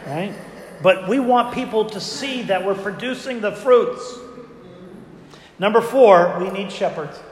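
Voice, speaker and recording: Speaking a little slowly, a high-voiced male pastor delivers a conversational sermon in a church sanctuary and keeps asking his congregation rhetorical questions. The roomy hall gives his voice a long, ringing reverb tail.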